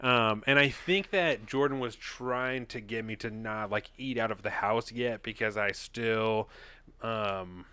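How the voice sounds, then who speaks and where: Young guy on a podcast, bright voice, swears a lot and laughs thru his stories. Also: fairly low pitch, measured pace, clear, resonant tone. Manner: animated storytelling, laughs often, swears freely. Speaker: podcast co-host. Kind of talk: casual chat.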